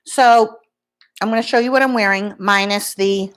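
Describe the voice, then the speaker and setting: A rambling woman in her fifties chats casually to her viewers, greeting them by name as she goes. Her voice sits in a middle pitch, and her talk wanders easily from one thing to the next. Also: steady tone, moderate pace, fairly bright tone, clear, resonant tone. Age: 50s. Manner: rambling, chatty, talks to live viewers by name. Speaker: beauty vlogger. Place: home in Florida.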